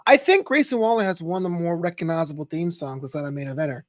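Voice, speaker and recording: A man co-hosting a podcast, talking casually and jokily in a rambling way that often restarts mid-thought. His voice sits high for a man. The recording is dry and close, with no echo. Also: fast talker. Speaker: podcast co-host. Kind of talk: casual chat.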